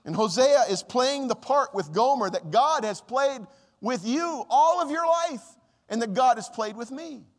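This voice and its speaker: A man's voice: extremely high pitch, lively intonation, measured pace. Pastor, male, fervent sermon delivery with dramatic swings, reverberant sanctuary. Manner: impassioned preaching, dramatic rises and drops when quoting God.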